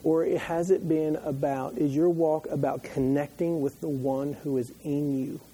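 A male pastor giving a sermon, moving from calm teaching to loud, impassioned preaching. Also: on the high side, unhurried, breathy edge, rough recording.

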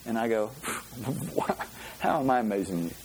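Chatty man preaching a relaxed sermon. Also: fairly low pitch, unhurried, a little hiss or hum. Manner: chatty, repeats words and restarts, laughs easily. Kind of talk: conversational sermon with personal story.

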